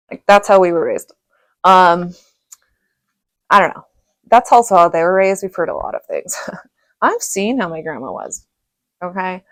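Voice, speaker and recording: A middle-aged woman from Reno telling rambling stories about her childhood, laughing often and filling pauses. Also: mid-range voice, no echo. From Reno, Nevada. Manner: rambling, chatty, laughs often, many fillers. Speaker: vlogger. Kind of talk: casual storytelling monologue.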